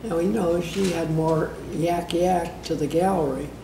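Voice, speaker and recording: An older woman reminiscing casually as an interview guest, telling stories in an unhurried way with many fillers and soft laughs. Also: on the low side, steady tone. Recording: roomy, distant, noisy archival interview.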